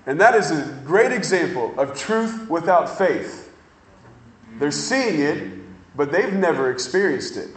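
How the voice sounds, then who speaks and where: A man preaching a sermon, telling stories in an animated way and drawing out words for emphasis. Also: fairly high pitch, roomy sound, slight background noise, low-quality recording. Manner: animated storytelling with drawn-out emphasis.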